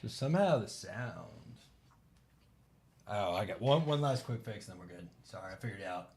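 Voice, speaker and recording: A man's voice: on the low side, lively intonation, normal speed, darkish tone, a little hiss or hum. A man in his thirties hosting a casual live Q&A. He talks in a loose, rambling way, full of fillers. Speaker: podcast host.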